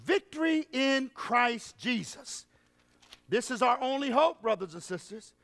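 High-voiced preacher in a reverberant hall. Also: male voice, big pitch swings, creaky. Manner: call-and-response preaching, drawn-out phrasing, bursts of shouting. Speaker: evangelist preacher. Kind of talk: revival sermon. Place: large revival hall.

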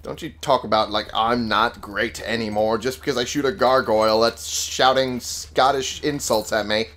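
A man's voice: medium pitch, steady tone, moderate pace, a bit bright. A young man casually commentating his gameplay, swearing freely and talking back to the characters with wry humor. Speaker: let's play gamer.

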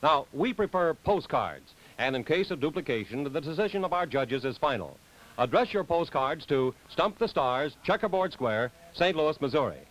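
A man announcing on a 1960s television game show, reading a smooth promotional script. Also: on the high side, animated, normal speed, poor audio. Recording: 1960s TV broadcast.

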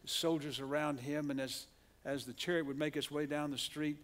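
Southern pastor guy preaching in church, kinda high voice, repeats himself a lot, earnest. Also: steady tone, normal speed, a bit bright, a little hiss or hum. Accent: Oklahoma, Southern US. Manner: earnest preaching with frequent restarts, leads the congregation in call-and-response. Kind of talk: sermon. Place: church sanctuary.

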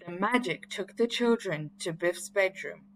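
A woman reading a children's story aloud in a clear, expressive way. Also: medium pitch, a little slow, slight background noise.

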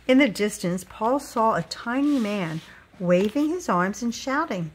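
A woman reading a children's picture book aloud, with expressive storytelling delivery. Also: mid-range voice, a little slow, breathy edge.

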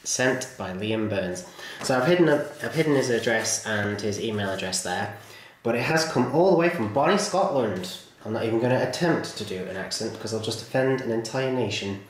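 A man reviews a model train in a relaxed, enthusiastic way, wandering into little asides as he goes. His voice sits at an ordinary middle pitch. The room rings with a heavy echo, and a faint hiss runs underneath. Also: moderate pace. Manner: chatty, enthusiastic, rambling asides. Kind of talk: casual hobby video review. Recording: very echoey room, faint noise.

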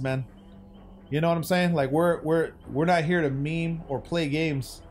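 A young man streaming a game, chatting loosely with his viewers in slangy banter that swings from hype to low mutters. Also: a little hiss or hum. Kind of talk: casual gaming stream commentary.

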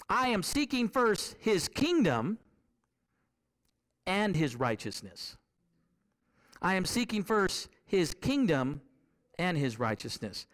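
A man's voice: high voice, fairly bright tone. A man preaching a sermon in a conversational way. He asks the congregation questions and repeats key phrases to drive them home.

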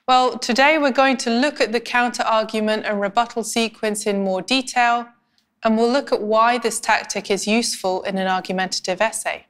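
Clear, measured female writing instructor. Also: a little high, steady tone, a bit bright. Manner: clear, measured teaching delivery. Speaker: language instructor. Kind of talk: scripted educational explainer.

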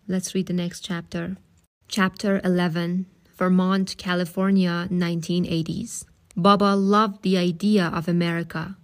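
A woman reading a novel aloud in a calm, steady, audiobook style, with occasional asides of her own. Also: lowish voice.

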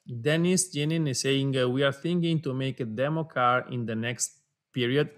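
Male webinar co-host, reads viewer messages in a friendly multilingual way, video call audio. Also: mid-range voice. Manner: reads out names and greetings, drifting between languages, quick to laugh.

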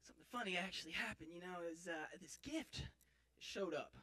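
High, bright-voiced goofball from a man rambling on a church stage, swings wildly up and down. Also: very animated, a little fast, heavily acted. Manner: rambling, self-mocking, theatrical outbursts. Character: clumsy boastful young man, injured, comic. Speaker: actor in a church Christmas skit. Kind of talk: comic stage monologue. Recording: live church audience.

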